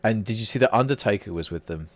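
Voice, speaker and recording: A man's voice: lowish voice, expressive, quick pace, dry recording. A man co-hosting an unscripted wrestling podcast, chatting casually, swearing freely, laughing often and restarting his sentences. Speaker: podcast co-host.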